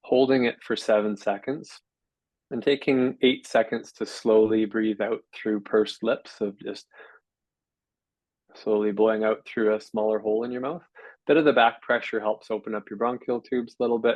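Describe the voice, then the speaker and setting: A physiotherapist explaining breathing in a measured way, often pausing with fillers and restarting his sentences. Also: on the low side, fairly even intonation, darkish tone, dry recording, poor audio. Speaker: physiotherapist guest. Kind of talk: explanatory interview talk.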